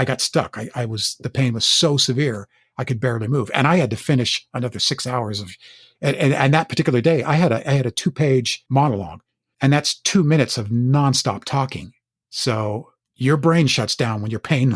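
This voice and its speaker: A husky middle-aged man talks at an average pitch and tells candid stories in an earnest way. He often stumbles over and repeats words. The sound is dry and close, with no room echo. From Northern California. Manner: earnest, halting, with frequent word repeats and restarts. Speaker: actor and podcast guest. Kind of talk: candid storytelling interview.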